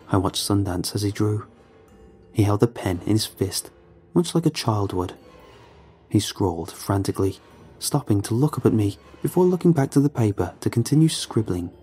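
A man narrating a first-person horror story in a calm, measured, low-key way. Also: breathy edge, faint music behind.

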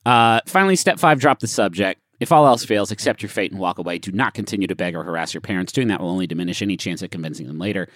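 Man, comedy podcast host, lively swinging pitch, jokey asides, dry close sound. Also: fast, few pauses, no room sound. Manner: reads advice aloud with jokey asides, swearing.

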